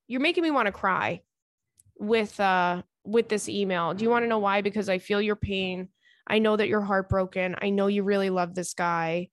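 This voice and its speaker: A woman's voice: mid-range voice, moderate pace, no echo. A woman hosting an advice podcast, reading a listener's letter aloud and then answering it in a chatty, earnest way with many fillers. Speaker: podcast host giving advice.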